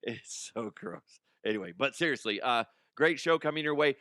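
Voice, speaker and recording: Bright-voiced, laughing middle-aged male podcast host. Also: medium pitch, expressive, moderate pace, no room sound, clean studio sound. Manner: rambling, self-amused storytelling with frequent laughs. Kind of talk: comedic news podcast monologue. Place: podcast studio.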